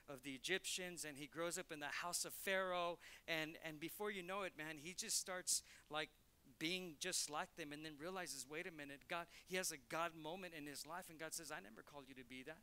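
Bright-voiced male pastor preaching. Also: on the high side, smooth. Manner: conversational, storytelling with acted quotes. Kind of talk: sermon. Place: church.

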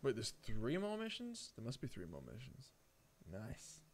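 A man's voice: medium pitch, wildly swooping pitch, measured pace, a little mellow, a little hiss or hum. Chatty man streaming a shooter game. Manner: chatty, talks to viewers in chat, calls them mate. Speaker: gaming streamer. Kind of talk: casual live-stream commentary.

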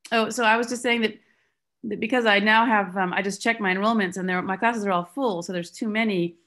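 A biology instructor speaking frankly in a staff meeting over a video call. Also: female voice, mid-range voice, fairly even intonation, a little fast, fairly bright tone. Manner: frank, conversational. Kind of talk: online staff meeting discussion.

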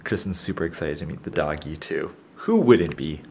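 A man vlogging, narrating calmly to camera and slipping into high baby-talk with a puppy outdoors in a backyard. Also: normal speed, creaky, slight background noise.

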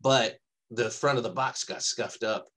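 A man's voice: mid-range voice, measured pace, a bit bright, poor audio. A man co-hosting a podcast, telling a long anecdote in a casual, rambling way, often laughing and quoting people. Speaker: podcast co-host. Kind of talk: casual storytelling chat.

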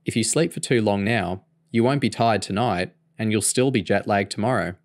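A man's voice: on the low side, moderate pace, no room sound, natural voice. A man voicing a sporty, teasing teenage girl while reading a novel aloud. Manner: teasing, a touch sharp.

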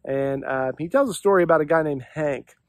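A man's voice: fairly high pitch, fairly quick, no room sound. A pastor giving an earnest, reflective devotional talk and posing questions to his listeners.

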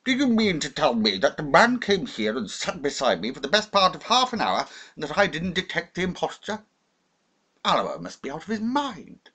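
A man voicing a blustering, incredulous older army general, his voice pitched well above his own. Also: huge pitch swings, normal speed, pushed and bright, husky, heavily acted.

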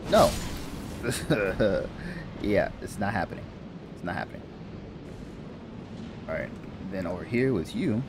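Deep-voiced and slow, with frequent pauses, a gaming YouTuber narrates his playthrough casually amid background noise. He talks to the characters, mutters, and laughs to himself in an animated let's-play style.

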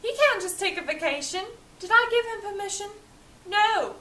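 A woman's voice: high-pitched, animated, takes it slowly, a bit bright, full character voice. A woman playing a spoiled, petulant young boy earl in a fan cosplay skit, with a whiny, ranting manner. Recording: echoey room, voice from a distance, faint hiss.

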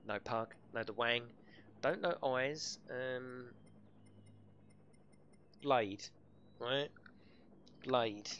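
A man's voice: mid-range voice, extremely slow, long pauses, fairly bright tone, muffled recording, a little hiss or hum. A middle-aged man, live-streaming a racing game and bantering and swearing with his chat. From United Kingdom.

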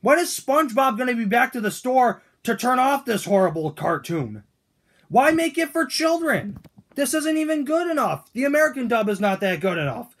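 A man doing grumpy whiny Toad, very high voice, gravelly husky edge, lively ranting questions. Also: normal speed, heavily acted. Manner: whiny, ranting, keeps asking indignant questions. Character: grumpy male Toad complaining on the couch. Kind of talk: fan-made cartoon voice acting.

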